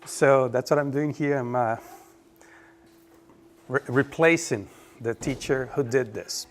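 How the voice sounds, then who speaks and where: A man from Brazil, giving a relaxed, joking conference presentation. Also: medium pitch, takes it slowly, a little hiss or hum. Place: conference room.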